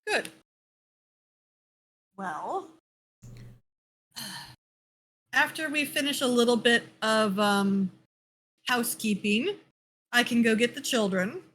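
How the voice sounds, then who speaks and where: A woman running a tabletop game as dungeon master, narrating scenes and speaking for a captain in a measured, amused way. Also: a little high, fairly bright tone.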